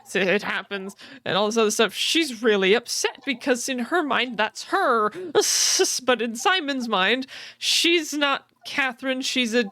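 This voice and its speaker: A woman talking through a game's story on a casual podcast, full of fillers, restarts and light laughs. Her voice sits a bit high. The sound is dry and close, with no room echo. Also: lively intonation, unhurried, pushed and bright. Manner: explaining with many fillers and repeats, laughs often. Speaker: podcast co-host.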